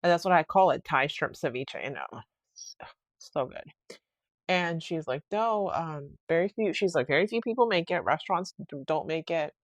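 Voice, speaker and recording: A young woman hosting a casual solo podcast, telling a story in a rambling, animated way with many fillers and restarts. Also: sits low, normal speed, no echo. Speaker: podcast host.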